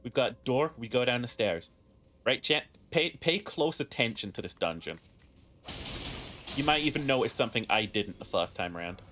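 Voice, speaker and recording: A man's voice: mid-range voice, animated, normal speed, fairly bright tone, faint music behind. A man streaming a video game, joking crudely and chatting with his viewers. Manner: crude, joking, talks to chat. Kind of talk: casual gameplay commentary.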